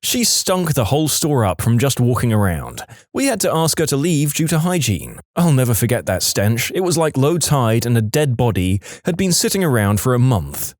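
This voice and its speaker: A man reading reddit stories aloud in a lively, expressive way. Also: medium pitch, dry recording, clean studio sound. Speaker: reddit story narrator.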